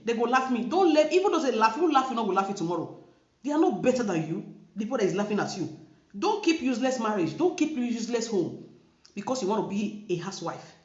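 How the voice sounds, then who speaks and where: A woman with a Nigerian Pidgin-inflected English accent, talking to camera as a vlogger in an emphatic, preachy way and repeating her points. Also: on the high side. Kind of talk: casual commentary to camera. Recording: roomy, dull lo-fi sound.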